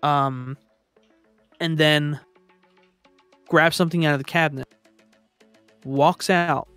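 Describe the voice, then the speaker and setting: A man talking casually on a livestream, his voice sitting a bit high for a man. He rambles and restarts his sentences, sounding exasperated. Faint music plays behind him. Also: fairly even intonation, takes it slowly, fairly bright tone, clear, resonant tone. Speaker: streamer.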